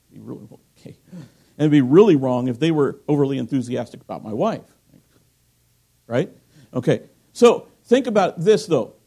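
A middle-aged man delivers a sermon in a fairly high voice that still sounds mellow and dark in tone. He swings between loud, emphatic bursts and low, hushed asides. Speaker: preacher.

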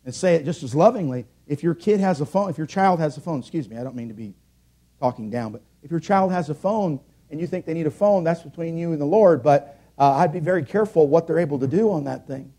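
A middle-aged man preaching a sermon in a church, earnest, rising to loud emphatic peaks and then dropping low. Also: lively intonation, fast talker. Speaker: pastor.

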